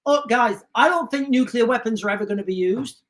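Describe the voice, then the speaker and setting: A man's voice: extremely high pitch, a little fast. Male livestream host, chatty, rambling, reads out comments. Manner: rambling, restarts often, animated asides. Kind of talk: casual livestream chat reading comments.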